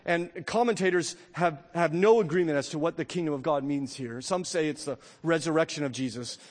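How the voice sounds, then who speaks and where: High-voiced man preaching in a reverberant church. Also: fairly quick. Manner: earnest, animated preaching with frequent restarts. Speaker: pastor. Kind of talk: sermon. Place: church sanctuary.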